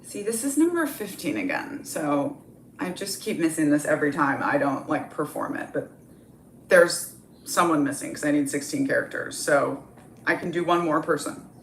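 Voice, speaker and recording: A woman's voice: deep voice, very animated, normal speed, echoey room, slight background noise. A woman reading a comedy script aloud, with casual, offhand asides. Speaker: script reader.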